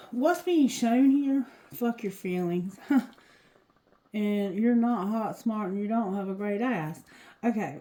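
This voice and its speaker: A woman giving a casual tarot reading to her viewers, talking loosely and cursing, going quieter when she asks the cards. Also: fairly high pitch, poor audio. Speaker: tarot reader.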